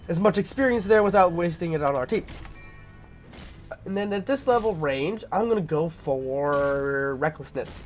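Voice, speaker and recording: A man commentating his own gameplay in a casual, rambling way, full of fillers and throat-clearing because he is sick. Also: a little high. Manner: rambling, filler-heavy, thinking aloud.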